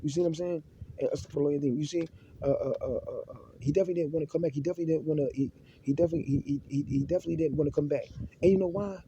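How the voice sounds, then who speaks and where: A man's voice: a little high, fairly even intonation, rapid-fire, dark tone, slight background noise. A man speaking off the cuff about religion, stumbling through many restarts and repeated words and mixing in Arabic terms. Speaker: Muslim speaker giving religious advice. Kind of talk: unscripted religious monologue.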